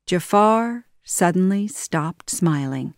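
A woman narrates a storybook at a very slow, deliberate pace, voicing each sentence clearly. Her voice sits in a middle register, recorded close in a dry room. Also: fairly low pitch, animated, no room sound. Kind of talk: slow storybook read-aloud.

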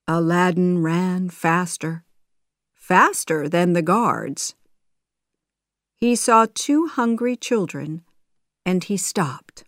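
A woman narrating a graded reader story, reading slowly and carefully for learners. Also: fairly low pitch, dry recording, clean studio sound.

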